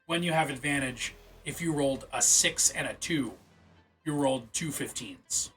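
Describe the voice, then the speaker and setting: A man's voice: mid-range voice, normal speed, fairly bright tone, faint music behind. A man streaming live, reading game rules aloud and reacting in loose, casual talk with the odd swear word. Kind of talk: casual livestream commentary.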